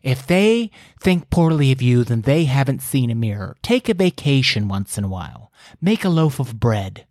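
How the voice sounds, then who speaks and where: A man's voice: mid-range voice, sing-song, moderate pace, a little mellow, no echo, clean studio sound. A man giving a casual, folksy faith talk, preachy and full of fillers.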